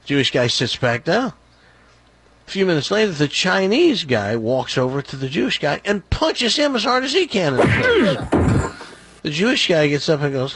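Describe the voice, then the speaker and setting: A man's voice: fairly high pitch, very animated, brisk, fairly bright tone, husky, dry recording. A man hosting talk radio, blunt and opinionated as he tells a story and a joke at a studio microphone. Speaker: radio talk show host. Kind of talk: casual talk radio monologue.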